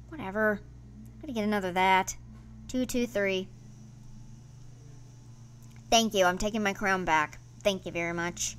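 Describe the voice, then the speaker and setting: A woman hosting her gaming channel, giving casual let's-play commentary in an excitable, playfully grumbling way. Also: mid-range voice, slow, pauses often, a little hiss or hum.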